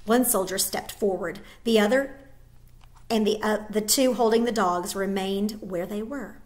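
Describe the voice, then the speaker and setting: A woman teacher reading a children's novel aloud to her class, expressive and with small slips. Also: medium pitch, measured pace.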